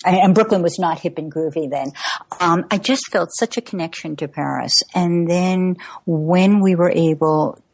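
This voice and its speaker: An American cookbook author in her sixties chats during an interview, laughing often and using frequent fillers. Her voice is on the low side and darkish, at a moderate pace, with no room sound.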